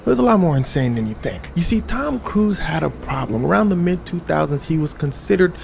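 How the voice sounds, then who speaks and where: A man telling a comedic story in a slangy, animated way. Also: a little high, brisk, vocal fry, slight background noise.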